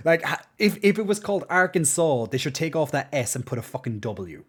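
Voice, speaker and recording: A man's voice: fairly high pitch, big pitch swings, moderate pace, breathy edge. A man from Ireland chatting casually on a live stream, rambling and trailing off into mumbled asides. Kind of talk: casual stream chat reacting to a video.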